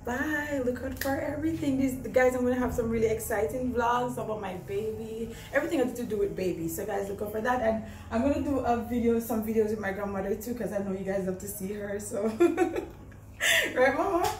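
A woman's voice: a little high, fairly quick, recorded from a distance, slight background noise. A young woman chatting to camera in a casual vlog, giggly and emotional, laughing often. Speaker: vlogger. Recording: echoey room.

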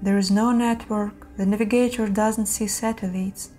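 Tired husband figure read by a woman, curt and irritable, mellow voice, faint music under. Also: medium pitch, steady tone, normal speed, lightly acted. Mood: weary.

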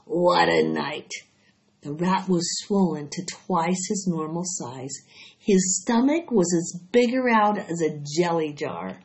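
A woman reading a children's story aloud in a steady, expressive way. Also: lowish voice, a little slow. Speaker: audiobook reader. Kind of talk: storybook read-aloud narration. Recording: dull lo-fi recording.

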